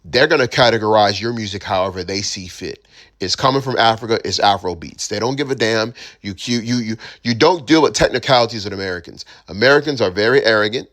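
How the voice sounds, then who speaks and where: A man with a lowish voice talks through his opinions in a loose, conversational monologue. He speaks in slang, restarts sentences, and keeps turning to the listener with asides. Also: fast talker, a bit bright. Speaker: commentator.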